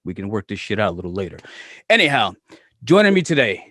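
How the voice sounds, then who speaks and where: A man's voice: on the low side, sing-song, fast talker, fairly bright tone, dry recording, clean studio sound. A man hosting a casual podcast chat, swearing freely and joking loosely with his guest. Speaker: podcast host.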